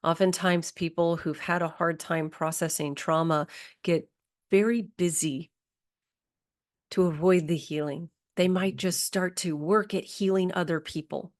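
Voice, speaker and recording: A middle-aged woman, a spiritual healing coach, guides listeners through a slow, soothing somatic exercise with affirmations. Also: lowish voice, steady tone.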